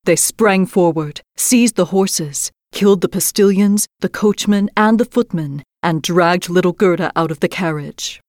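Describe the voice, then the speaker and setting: A woman with a lowish voice narrates a fairy tale as a storytelling host, reading in a measured and expressive way. The sound is dry and close, with no room around it. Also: dry recording.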